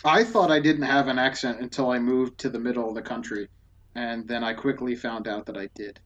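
A man's voice: mid-range voice, fairly even intonation, a little fast, a bit bright, muffled recording. A man on a casual podcast chat, making wry remarks.

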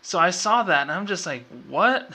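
A man's voice: high voice, a little fast, bright, forceful tone. A man hosting his own show, ranting in a casual, exasperated and sarcastic way, full of fillers and restarts. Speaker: podcast host.

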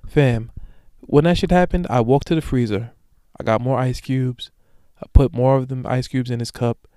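A young man hosts his own podcast, talking off the cuff in heavy slang and swearing freely. His voice is smooth and resonant, at a middling pitch. It is recorded close and dry, with no room sound. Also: fairly even intonation, moderate pace, warm tone, dry recording. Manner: slangy, profane, rambling storytelling with repeated "you know what I'm saying". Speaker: podcast host. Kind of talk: casual solo podcast monologue.

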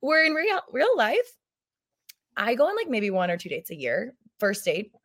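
A woman's voice: a little high, wildly swooping pitch, moderate pace, a bit bright. Rambling, laughing woman guest. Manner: rambling, self-interrupting, laughs often. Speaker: podcast guest. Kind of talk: casual chat.

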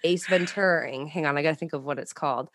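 A woman's voice: low voice, fast, fairly bright tone, a little hiss or hum. A woman hosting a podcast, chatting casually and animatedly with lots of fillers and laughter. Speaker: podcast host. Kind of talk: casual chat.

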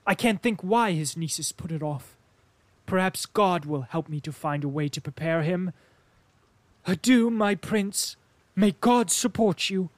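A man's voice: high-pitched, a little slow, dry recording, voice pushed up. A man reading an audiobook and voicing an anxious, scheming middle-aged mother who pleads and laments dramatically. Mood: tearful, dutiful. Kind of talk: audiobook character voice.

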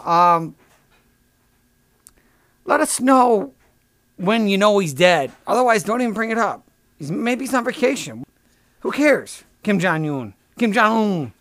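Male comic host: high-pitched, sarcastic, crude rambling rants, dry close sound. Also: very animated, a little slow, pauses often, a bit bright, dry recording. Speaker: podcast host. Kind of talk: comedic rant.

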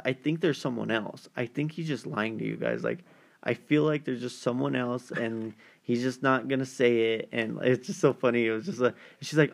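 A man's voice: mid-range voice, moderate pace, creaky. A man in casual chat, rambling through a story with many fillers and acting out what callers said.

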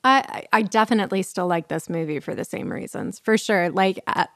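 A woman co-hosting a casual movie podcast, chatty and quick to laugh and swear. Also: medium pitch, a bit bright, dry recording, clean studio sound. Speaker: podcast co-host.

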